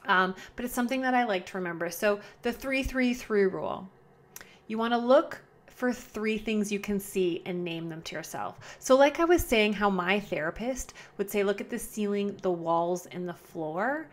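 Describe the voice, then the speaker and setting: A woman talking on her own podcast from home in a casual, chatty way. She repeats key phrases and deliberately slows her speech at times, with a voice of ordinary middle pitch for a woman. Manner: chatty, repetitive, self-correcting, slows down to model calm breathing. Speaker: podcast host. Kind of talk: casual solo podcast talk. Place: at home indoors. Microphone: camera close by.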